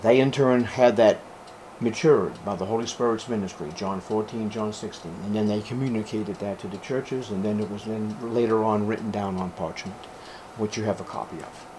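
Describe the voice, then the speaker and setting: A man preaching a sermon as a pastor to his congregation, fervent and emphatic, with sudden loud, high rises on key words. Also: normal speed, background noise.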